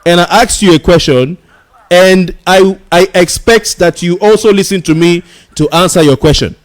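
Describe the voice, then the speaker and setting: A man's voice: sits high, normal speed. A man hosting a radio talk show, insistently arguing with a caller and repeating himself to hold the floor. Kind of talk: heated on-air argument with a caller.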